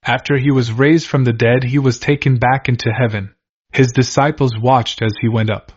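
An older man narrates a devotional story for children in a plain, earnest way, posing simple questions to the listener. His voice sits at an ordinary pitch. The recording is a little dull and lo-fi. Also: steady tone, moderate pace, husky. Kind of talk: reading a religious children's story aloud.

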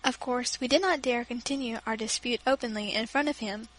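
A woman reading an old-fashioned children's story aloud, in a measured, gentle way. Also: fairly high pitch, rough recording. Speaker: reader.

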